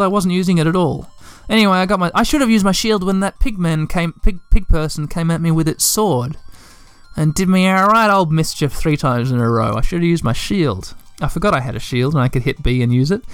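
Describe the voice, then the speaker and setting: A gaming podcast host giving playful, animated let's play commentary, full of sound effects. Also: mid-range voice, a little fast, clean tone, no echo, soft background music.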